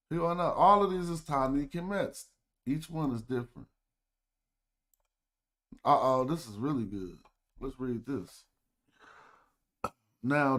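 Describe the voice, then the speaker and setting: A man speaks in at a mid pitch, hosting his own livestream in a loose, casual way. He thinks aloud as he reads, sounding out words slowly and drawing them out. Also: fairly bright tone. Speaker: livestream host. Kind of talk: casual livestream study talk.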